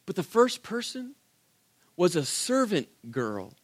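A man preaching a sermon, telling the story with animated, acted-out quotes and rhetorical questions. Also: high voice, takes it slowly. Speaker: pastor.

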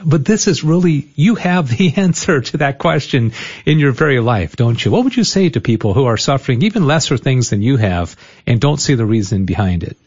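A man's voice: medium pitch, expressive, a little fast, a little mellow, breathy edge, dull audio. A man hosting an interview, asking long questions with many restarts. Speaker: interview host. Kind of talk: conversational interview.

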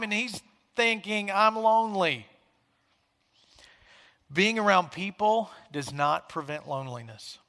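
Bright-voiced preacher man in a hall. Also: high voice. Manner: conversational, acts out quoted questions with shifting volume. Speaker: pastor. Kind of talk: sermon.

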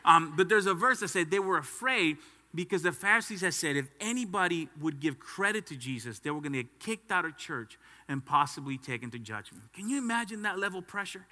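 A man's voice: high voice, lively intonation, brisk, bright, forceful tone. A male pastor preaching a sermon, emphatic and stern, urging the congregation to answer back. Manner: emphatic, with call-and-response prompts to the congregation. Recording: long hall reverb.

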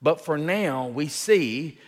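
A man preaching an expository sermon as a pastor, teaching in an unhurried way with fillers and restarts and rising emphasis on key points. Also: a little high, expressive, in a large hall.

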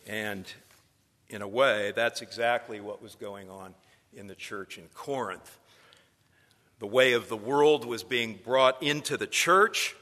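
A man's voice: mid-range voice, pushed and bright, long reverb tail. A man lecturing future preachers in a sermon style, telling stories and building to emphatic points.

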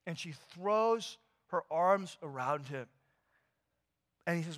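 Animated man preaching in a reverberant hall. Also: sits high, takes it slowly. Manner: animated storytelling, casual slang, many fillers. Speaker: pastor. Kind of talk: sermon.

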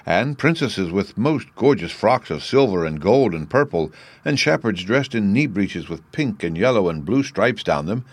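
Low-voiced man reading a storybook. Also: no echo. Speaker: audiobook narrator. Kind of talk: storybook narration.

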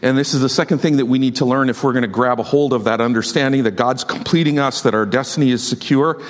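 A man preaching a sermon as a pastor, emphatic and exhorting his congregation with quick asides. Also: medium pitch. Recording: long hall reverb.

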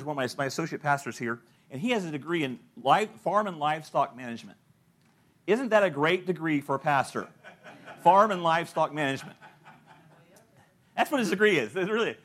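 Animated, high-voiced male pastor preaching. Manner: animated storytelling, acting out quoted voices, laughing at own points. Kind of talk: sermon.

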